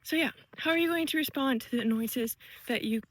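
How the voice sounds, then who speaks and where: Breathless woman vlogging on a fast walk. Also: high voice, husky, no echo, rough recording. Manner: chatty, reflective, laughs easily. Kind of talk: walking vlog musing. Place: outdoors on a wooded trail.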